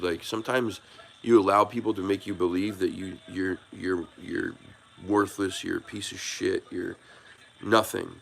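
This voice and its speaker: A man with a low, gravelly voice hosts a live stream, chatting loosely with his audience. He rambles and restarts his sentences, earnest and a little emotional as he thanks people in the chat by name. His tone stays friendly and unpolished throughout. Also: a little hiss or hum. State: emotional, moved by viewers. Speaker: YouTube live stream host. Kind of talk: casual live chat with viewers.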